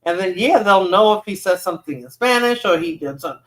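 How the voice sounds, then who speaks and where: Higher-voiced man chatting on a livestream. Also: lively intonation, a little fast. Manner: conversational, repeats words while thinking. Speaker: livestream host reading chat. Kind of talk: casual livestream commentary.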